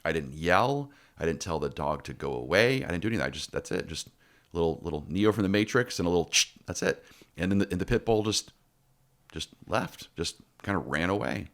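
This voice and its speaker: A man's voice: sits low, animated, fairly quick. A middle-aged man hosting a casual podcast chat, telling stories with many restarts and repeated words. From Texas. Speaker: podcast host.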